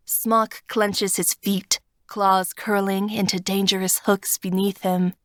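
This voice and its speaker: A woman narrating a first-person fantasy audiobook with measured, steady storytelling. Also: mid-range voice, gravelly, no room sound, studio quality.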